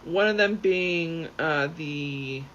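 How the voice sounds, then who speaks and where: Rambling, excitable man with a higher voice. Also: takes it slowly. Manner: rambling, excitable, swears freely. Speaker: gaming YouTuber. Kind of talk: casual commentary while playing. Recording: dull lo-fi sound with faint background noise.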